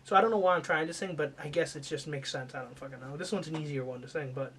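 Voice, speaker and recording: A man doing a comedic rant, swearing and shifting from mumbled asides to mock-angry yelling. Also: fairly high pitch, fast talker, slightly rough.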